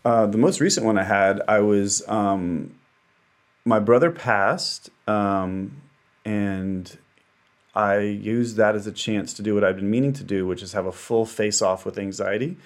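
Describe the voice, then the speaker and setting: Animated man telling a personal story. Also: lowish voice, a little slow. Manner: animated storyteller acting out his own inner voices. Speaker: actor and dancer guest. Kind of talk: casual conversation.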